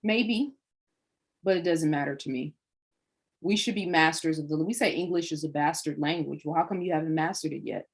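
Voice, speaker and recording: A woman with a fairly low voice hosts a livestream, speaking straight to her viewers. She preaches in long runs of rhetorical questions. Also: normal speed, husky. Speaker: livestream host.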